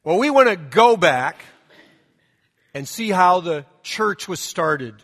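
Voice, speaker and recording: High-voiced pastor in a reverberant church. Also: male voice, animated, takes it slowly, fairly bright tone. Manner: conversational storytelling with asides. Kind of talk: sermon with scripture reading. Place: church sanctuary.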